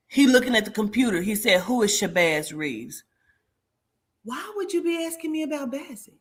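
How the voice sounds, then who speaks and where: Woman telling a wild story, swears a lot, does all the voices, kinda high voice. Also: moderate pace. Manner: animated, profane, acts out dialogue in shifting voices. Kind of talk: casual storytelling chat.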